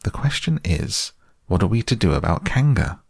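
A man reading a storybook aloud, voicing a small, timid young male piglet in a higher, fidgety voice. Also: sing-song, normal speed, gravelly, a little mellow, husky, no room sound, studio quality, full character voice. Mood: impatient.

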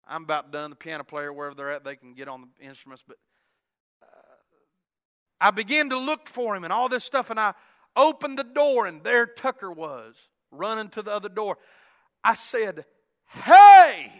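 Preacher man, bright high voice, storytelling sermon in a reverberant sanctuary, loud-to-hushed delivery. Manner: swings from loud exclaiming to hushed tones. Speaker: pastor. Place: church sanctuary.

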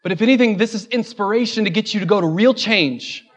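High-voiced joking pastor preaching a sermon. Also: male voice, quick pace. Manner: joking asides, building to impassioned repeated refrains. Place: church.

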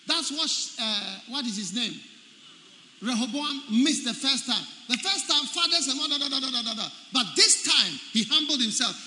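A man preaching a sermon in a large, echoey hall, with faint ambience behind him. His voice sits high and bright, and it swings widely in pitch as he hammers home key phrases. He keeps checking whether his listeners are following. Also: lively intonation, normal speed, a little hiss or hum. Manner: emphatic, repeats key phrases, quizzes the congregation.

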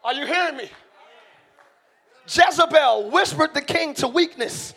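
A middle-aged man preaching a sermon in a church, shouting key lines and slowing down for emphasis while joking with the congregation. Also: very high voice, lively intonation, gravelly, some chatter behind. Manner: joking, talks directly to the congregation. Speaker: pastor. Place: church sanctuary.

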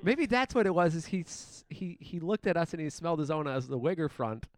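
A man's voice: fairly high pitch, a little fast, dry recording, clean studio sound. A young man, co-hosting a casual podcast, laid-back and swearing freely, calling everyone dude. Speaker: podcast co-host. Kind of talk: casual crude banter.

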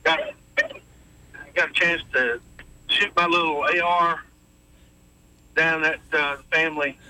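A man's voice: fairly high pitch, fairly even intonation, takes it slowly, sharp tone, low-quality recording. A middle-aged man calling in to a radio show, upbeat and rambling with many fillers. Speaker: caller. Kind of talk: casual call-in chat.

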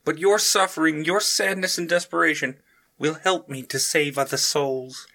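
Man doing a high solemn Holy Mother. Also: steady tone, normal speed, pushed and bright. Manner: raised pitch, solemn reading.

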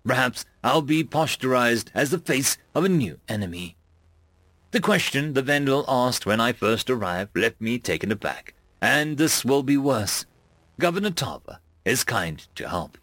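A man narrating first-person fiction in an expressive reading voice. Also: mid-range voice, no echo. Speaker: audiobook narrator.

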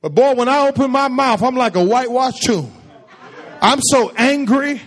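Male preacher, very high voice, lively swooping delivery, call-and-response, echoing hall. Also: fairly quick, some chatter behind. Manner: call-and-response preaching, asks the congregation questions. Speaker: pastor. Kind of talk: sermon.

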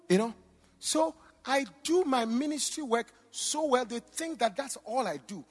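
A pastor who is also a doctor delivers a sermon of personal stories in a church hall, shifting from loud exclamations to quiet asides. His high-pitched voice is expressive and a little fast over soft background music, with long reverb from the big hall.

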